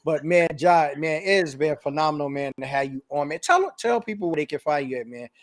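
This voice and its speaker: A man with a Chicago accent hosting a casual business talk show, animated and slangy, laughing often. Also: on the high side, fairly quick, no room sound. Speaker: podcast host. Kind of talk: casual chat.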